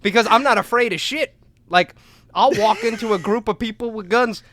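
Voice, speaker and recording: A young man co-hosting a podcast, telling a long story in a loose, profane way, acting out voices and shouting at the big moments. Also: high voice, moderate pace. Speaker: podcast co-host. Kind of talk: casual storytelling chat.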